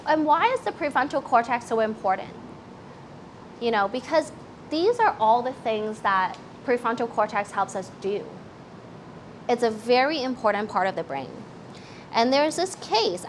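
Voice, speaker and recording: A woman's voice: on the high side, animated, moderate pace, a little hiss or hum, low-quality recording. A middle-aged woman giving a parenting workshop talk, explaining simply and asking the listeners to join in.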